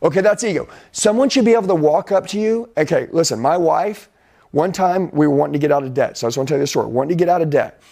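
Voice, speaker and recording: A man's voice: a little high, expressive, fast talker, creaky, mellow. Intense motivational coach, a man with punch. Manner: intense, emphatic preaching delivery. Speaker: sales and life coach. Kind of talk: motivational talk.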